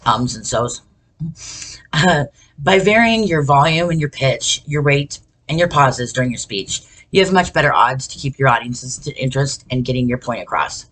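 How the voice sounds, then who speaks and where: A woman's voice: a bass voice, animated, normal speed, a bit bright. A woman giving an informal talk on speech delivery, chatty and self-deprecating, with many fillers and self-corrections.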